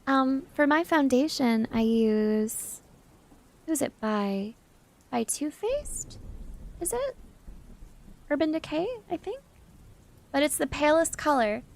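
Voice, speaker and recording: A young woman from the South, chatting casually with her live-stream chat as a VTuber and reading out messages as she answers them. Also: on the high side. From Southern United States.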